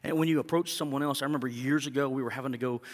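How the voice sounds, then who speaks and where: A man's voice: mid-range voice, fairly even intonation, very fast, big-room sound. A male pastor preaching a sermon in an earnest way that rises to emphatic peaks.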